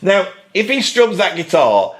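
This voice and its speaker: A man's voice: high voice, big pitch swings, unhurried. A man giving ranting, sarcastic commentary on music as a video host. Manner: sarcastic, exasperated.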